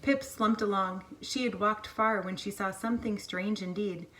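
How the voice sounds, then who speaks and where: A woman reading a picture book aloud to a child at home, gentle, stopping to ask questions. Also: mid-range voice, fairly even intonation, moderate pace. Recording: faint noise, mic at a distance.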